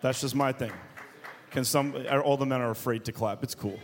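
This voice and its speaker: A man's voice: medium pitch, fairly even intonation, moderate pace, slight background noise. A man in his thirties preaching a sermon to a congregation, telling a family story in a joking, conversational way. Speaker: pastor.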